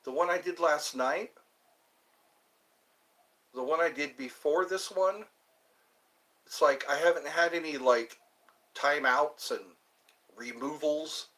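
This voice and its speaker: Chatty male vlogger, slightly high bright voice, loose meandering delivery. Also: slow pace, pauses often. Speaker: channel host. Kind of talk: rambling casual vlog chat.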